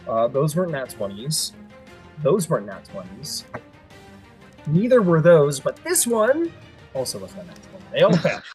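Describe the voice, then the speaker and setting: A man's voice: on the high side, sing-song, moderate pace, darkish tone, faint music behind. A man running a tabletop game as game master, narrating in a chatty, playful way.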